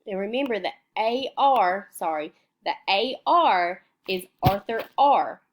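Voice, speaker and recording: A woman teaching young children remotely, slowly sounding out words in a patient, sing-song way and answering her own questions. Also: medium pitch, expressive, a little hiss or hum.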